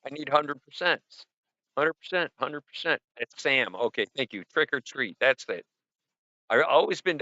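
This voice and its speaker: A middle-aged man with a bright, forward voice, chatting loosely on a livestream. He rambles and sounds upbeat, throwing in a punchy "boom" now and then. The sound is dry and a little dull, like lo-fi stream audio. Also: no echo. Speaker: livestream host. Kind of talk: casual livestream chat reviewing viewer art.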